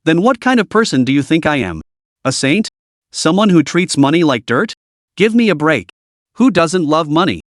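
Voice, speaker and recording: A man's voice: on the high side, big pitch swings, normal speed, no room sound, studio quality. A man doing a blunt, bitter young vendor. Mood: sarcastic. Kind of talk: storybook narration.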